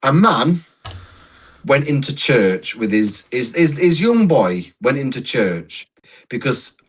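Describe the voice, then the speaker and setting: A man's voice: medium pitch, big pitch swings, slow, husky. A man co-hosting a casual podcast, telling rambling anecdotes with restarts and laughter. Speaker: podcast co-host. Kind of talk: casual chat, storytelling.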